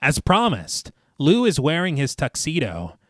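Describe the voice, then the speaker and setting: A man's voice: a little high, a little slow, no room sound, clean studio sound. A man hosting a horror podcast, narrating a film's plot and chatting casually. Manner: lively, reads plot recap then jokes. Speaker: podcast host recapping a film. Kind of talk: casual chat and film recap narration.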